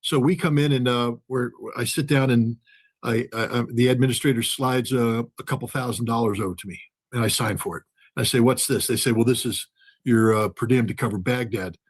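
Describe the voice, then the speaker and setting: Male guest, husky voice, animated storyteller who acts out the dialogue. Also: medium pitch, a little fast. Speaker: guest, former weapons inspector. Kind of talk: storytelling in a conversation.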